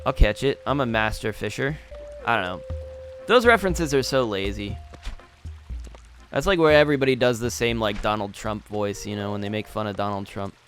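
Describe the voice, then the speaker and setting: A man's voice: fairly low pitch, moderate pace, fairly bright tone, faint music behind. A young man talking casually over a game he is playing, rambling and meandering as he goes. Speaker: let's play host. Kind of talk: casual gameplay commentary.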